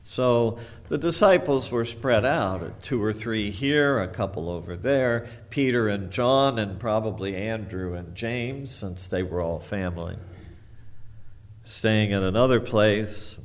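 A man's voice: fairly low pitch, takes it slowly. A male pastor preaching a sermon, retelling a scripture story in a reflective, storytelling manner.

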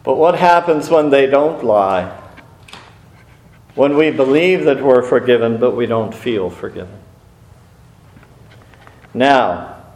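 A man of middle pitch preaches slowly and earnestly, pausing and restarting now and then. His voice rings out in a reverberant church sanctuary. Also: a little mellow. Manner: earnest, measured, with small restarts and pauses. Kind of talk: sermon. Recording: echoey room.

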